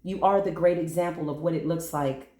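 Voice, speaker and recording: A woman giving an animated astrology and numerology reading, speaking straight to her listeners in a preachy way and acting out quoted voices. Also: sits low, brisk, reverberant. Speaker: spiritual reader.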